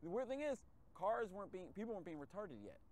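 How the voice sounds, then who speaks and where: A man hosting a casual podcast chat, telling a story with lively acted-out reactions and frequent swearing. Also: high-pitched, quick pace. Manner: animated storytelling, acts out his own reactions, swears freely. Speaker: podcast host.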